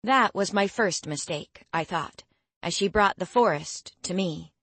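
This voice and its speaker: Female audiobook narrator, lowish voice, dry close sound, measured storytelling. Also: lively intonation, fairly bright tone, no echo. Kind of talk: scripted first-person narration.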